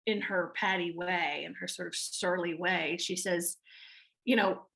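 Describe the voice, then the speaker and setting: Woman, Southern accent, bright tone, chatty, restarts a lot, actress being interviewed. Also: fairly low pitch, fairly even intonation, a little slow, vocal fry. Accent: Southern American. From American South. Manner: chatty, many restarts and fillers. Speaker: actress guest. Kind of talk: interview answers.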